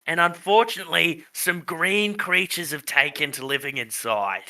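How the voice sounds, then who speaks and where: A man voicing a huge, old, gruff but kindly male tree-creature in a gravelly voice and a mock Scottish accent that slips into Australian. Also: a little high, bright, forceful tone, pitched above the performer's own voice. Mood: reassuring. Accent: mock Scottish slipping into Australian. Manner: slow, drawn-out delivery.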